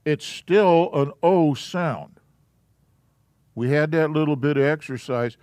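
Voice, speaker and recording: A man teaching a Hebrew alphabet class in a church classroom, explaining slowly and casually. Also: a little high, a little mellow, clean tone, dry recording, studio quality.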